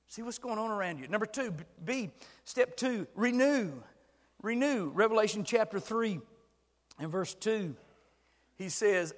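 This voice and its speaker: An older man preaching a sermon with passion, swinging from hushed words to shouts. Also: high-pitched, in a large hall.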